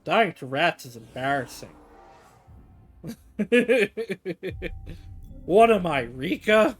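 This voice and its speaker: A man's voice: high voice, very animated, very slow, slightly rough, soft background music. A man casually commenting on a game as he plays it on a live stream, joking and laughing at his own play.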